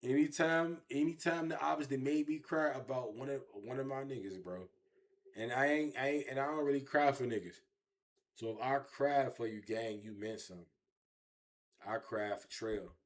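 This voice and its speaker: A man telling his own story in an interview, animated and repetitive, with heavy street slang. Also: mid-range voice, moderate pace. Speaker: interview guest.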